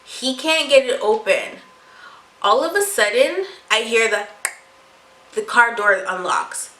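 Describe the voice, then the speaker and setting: A young adult woman telling a storytime vlog to her viewers, animated and full of swearing. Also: a little high, slow pace, reverberant, rough recording. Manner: animated, profane storytelling, often addressing viewers. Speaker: vlogger.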